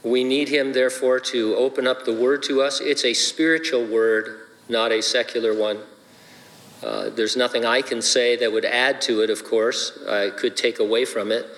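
Man, pastor, jokey sermon delivery, medium pitch, long hall echo. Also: steady tone, moderate pace, fairly bright tone. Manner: jokey, playful asides. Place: church sanctuary.

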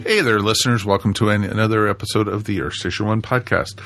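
Deep gravelly podcast host. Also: male voice, fairly even intonation, quick pace, over music. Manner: jokey, playful sales patter. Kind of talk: casual podcast chat.

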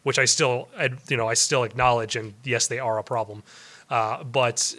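A man's voice: medium pitch, steady tone, moderate pace, sharp tone. A man co-hosting a movie podcast in casual chat, rambling with lots of restarts and easy laughs. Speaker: podcast co-host.

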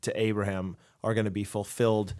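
A man's voice: lowish voice, level tone, fairly quick, a little mellow. Male podcast co-host, conversational explainer, casual chat. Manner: conversational, explains with quoted asides. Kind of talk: casual theological discussion.

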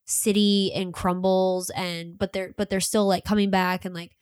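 A woman's voice: medium pitch, flat delivery, moderate pace, clear, resonant tone, no room sound, clean studio sound. A woman in a casual book review chat, rambling and filling her talk with "like". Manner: rambling, many fillers.

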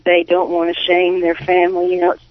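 A woman calling in to a radio show, speaking in a halting, heartfelt way with many pauses. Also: fairly low pitch, completely flat delivery, no echo. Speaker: caller. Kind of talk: call-in radio comment. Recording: tinny phone line.

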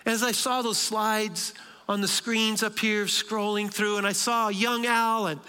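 A man preaching a sermon in a church, moving between soft, slow lines and emphatic bursts. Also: high voice, flat delivery, smooth. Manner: dramatic pauses, shifting between soft and emphatic. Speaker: pastor. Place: large church sanctuary. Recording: long hall reverb.

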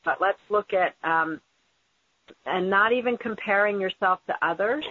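A woman's voice: medium pitch, normal speed, dry recording. A woman hosting an interview, speaking in an earnest, emphatic and encouraging way. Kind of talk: conversational interview. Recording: phone-like tinny audio.

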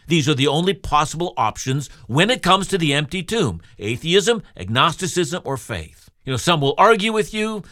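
A man preaching a radio sermon in an expressive, rhetorical way, speaking directly to his listeners. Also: medium pitch, no echo, clean studio sound. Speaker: Bible teacher.

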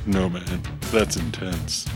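A man's voice: low-pitched, fairly even intonation, slow, music in the background. A man voicing a tense, skeptical young sidekick who talks bluntly.

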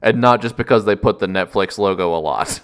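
A man's voice: on the low side, fairly quick, clean tone. Wry joking male podcast host. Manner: wry, joking, laughs often. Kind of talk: casual chat.

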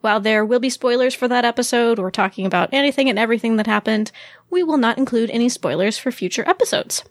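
High-pitched woman co-hosting a chatty podcast, laughs a lot, dry close mic. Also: quick pace, no echo. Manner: animated, laughs often, restarts sentences. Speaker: podcast co-host. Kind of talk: casual chat.

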